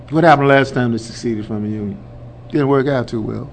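A man hosting a radio show, delivering a colloquial, emphatic political commentary monologue that builds to loud declarations and addresses listeners as folks. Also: mid-range voice, fairly quick, a little hiss or hum.

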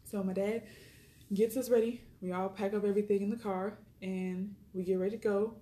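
Fast-talking woman, echoey room. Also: medium pitch, steady tone, mellow. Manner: chatty, retells dialogue, frequent fillers. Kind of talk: personal storytelling.

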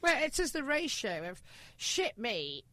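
A woman guest chatting on a podcast with a slightly high, very animated voice. She tells her stories in a chatty, self-deprecating way. The sound is dry and close. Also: unhurried, no echo. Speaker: guest, sausage maker. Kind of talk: casual interview chat.

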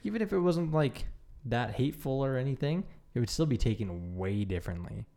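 A man's voice: mid-range voice, expressive, brisk, warm tone. A young man in his twenties co-hosting a casual podcast chat, mostly agreeing with short affirmations. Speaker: podcast co-host.

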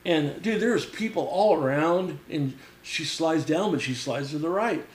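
A man's voice: on the high side, a little slow. A middle-aged man spins a rowdy story as a podcast guest, his voice sitting a touch above the usual male range. He swears casually and keeps slipping into the voices of the people he describes. The sound rings with a noticeable room echo. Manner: profane, animated, acts out quoted voices. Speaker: podcast guest, former mechanic. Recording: roomy echo.

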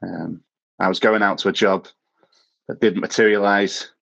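A man with a lowish voice talks casually as a podcast guest, working his way through long personal anecdotes. He was born in South Africa and tells his stories with a self-mocking streak, often breaking into a chuckle at his own expense. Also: level tone, moderate pace, creaky, fairly bright tone, muffled recording. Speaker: podcast guest, former missionary. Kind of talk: casual anecdotal interview talk.

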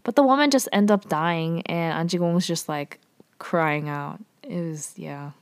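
A woman casually recapping a drama episode, chatty and full of fillers, with lively quoting. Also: fairly low pitch, a little slow, clear, resonant tone.

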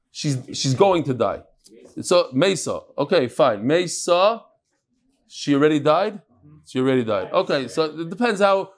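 A man teaching a casual study-group class, chanting lines and then explaining them with restarts and joking asides. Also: fairly high pitch. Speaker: Talmud teacher.

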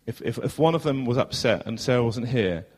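With a husky, expressive, medium-pitched voice, a southern English pastor preaches a little fast, earnestly asking rhetorical questions. His delivery rises loud and falls hushed, captured with a long church-hall reverb.

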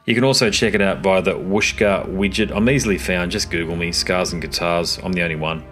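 A very deep-voiced man wraps up his podcast episode. He talks chattily and directly to his listeners. Faint music plays quietly underneath. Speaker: podcast host. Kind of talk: podcast outro.

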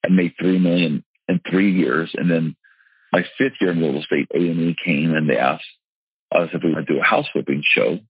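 A man's voice: sits low, fairly even intonation, normal speed, husky, dry recording, narrow, tinny audio. A man telling his personal story in an interview in an earnest, emphatic way, restarting often as he goes. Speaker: real estate investor and seminar teacher.

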